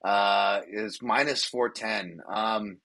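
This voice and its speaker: A man hosting a podcast, chatting casually and in an animated, self-deprecating way. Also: takes it slowly. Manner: animated, self-deprecating, laughs and jumps in pitch. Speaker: podcast host. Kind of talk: casual podcast chat about fight betting.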